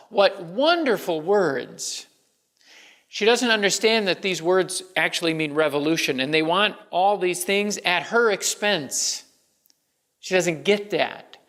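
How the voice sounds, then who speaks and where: A man's voice: high-pitched, sharp tone, long reverb tail. A man preaching a sermon as pastor, in a loose conversational way with frequent restarts and fillers. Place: church sanctuary.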